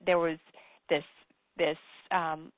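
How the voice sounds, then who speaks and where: A woman's voice: low voice, little pitch movement, slow pace, dry recording. An earnest woman tells her story as an interview guest and presses her points by repeating them. She comes through a narrow, tinny phone line. The sound is dry, with no room around her. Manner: earnest and emphatic, repeats key phrases. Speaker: business coach and author, interview guest. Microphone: telephone.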